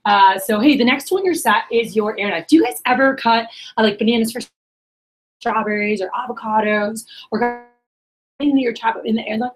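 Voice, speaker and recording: At a normal speed and fairly high pitch, a young woman teaches a sales workshop to a group in a meeting room, though the audio is poor. She's an upbeat, talkative trainer who quizzes the room and mimics customer reactions.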